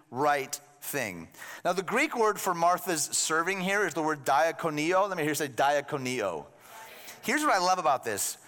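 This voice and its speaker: With a bright, forceful, fairly high voice, this pastor delivers his sermon in a conversational style, cracking jokes to the congregation. Long hall reverb colors the recording.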